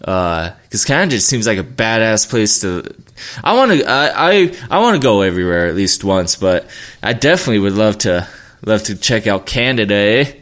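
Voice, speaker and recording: A man's voice: lowish voice, very animated, fairly quick, a bit bright. A young man hosting his own podcast, talking casually on his own in a rambling, profane way with many restarts. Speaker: podcast host. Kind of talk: casual solo podcast chat.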